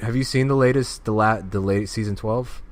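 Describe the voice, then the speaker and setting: A man's voice: on the low side, normal speed, no echo. A man co-hosting a podcast in casual chat, laid-back as he recounts details. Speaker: podcast co-host.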